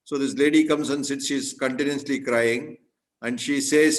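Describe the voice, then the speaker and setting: Male guest speaker, mid-pitched, earnest storyteller who keeps clearing his throat. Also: steady tone, normal speed, poor audio. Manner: earnest, frequently clears throat, self-correcting restarts. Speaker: guest speaker at a club meeting. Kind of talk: storytelling speech.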